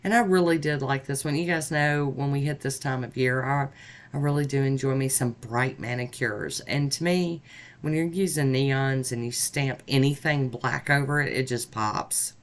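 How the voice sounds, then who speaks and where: A woman vlogger chatting upbeat and warm-heartedly as she talks viewers through each step of her nail art. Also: extremely low pitch, normal speed. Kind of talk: casual tutorial narration.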